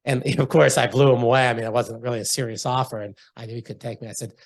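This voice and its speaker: A blunt, animated man, telling stories as an interview guest. His voice is husky and a bit rough, at a middle pitch. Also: very fast, hardly any pauses. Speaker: hard money lender, interview guest. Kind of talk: storytelling in an interview.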